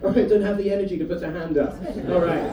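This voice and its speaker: A man from the UK doing a stand-up comedy set, telling chatty stories and throwing quick asides to the audience. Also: high voice, steady tone, crowd noise. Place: comedy club stage. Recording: roomy live venue, mic heard from a distance. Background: audience laughter.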